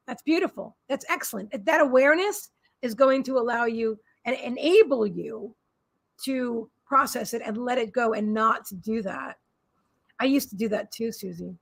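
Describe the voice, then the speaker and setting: Woman, high voice, psychic healer, live-streamed reading, rambling and repetitive, soothing. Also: a bit bright.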